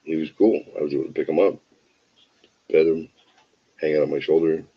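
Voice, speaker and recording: A man's voice: a bass voice, fairly even intonation, a little fast, breathy edge, lo-fi sound. A tired man hosting a show, telling a rambling, wry, self-deprecating anecdote full of digressions. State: tired from an early start. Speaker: show host. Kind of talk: casual anecdote storytelling.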